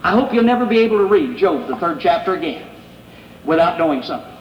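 A man's voice: on the high side, lively intonation, highs cut off, a little hiss or hum. Man, middle-aged, preacher, earnest pleading sermon, echoey room, faint ambience. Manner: earnest, pleading, reads scripture aloud with pauses. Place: church sanctuary.

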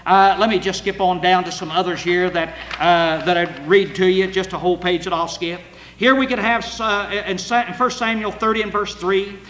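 An older man preaching a sermon with earnest emotion, at times rising to loud cries as he reads scripture. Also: high voice, steady tone, normal speed, a little hiss or hum. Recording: echoey hall with long reverb.

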